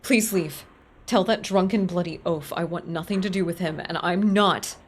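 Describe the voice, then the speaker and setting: A woman's voice: on the low side, moderate pace, breathy edge. A woman reading a curt, guarded librarian. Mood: indignant. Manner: clipped, sometimes dropping to a sharp whisper.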